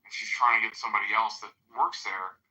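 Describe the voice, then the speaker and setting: A man's voice: fairly low pitch, steady tone, quick pace, sharp tone, rough recording. A man from the United States telling a rambling, profane story in casual podcast chat, full of fillers.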